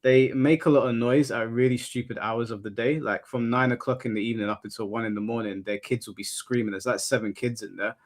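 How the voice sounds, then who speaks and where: A man's voice: medium pitch, steady tone, fast, few pauses. Rambling man telling a story. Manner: rambling storyteller, swears, repeats words. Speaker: streamer host. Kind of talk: casual chat reading super chats.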